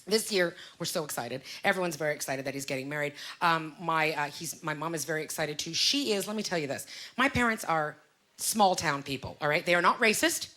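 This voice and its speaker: A woman from Canada in her thirties performing a stand-up comedy set on a club stage, loud and animated, exclaiming at the crowd. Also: mid-range voice. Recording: live stage recording with audience noise.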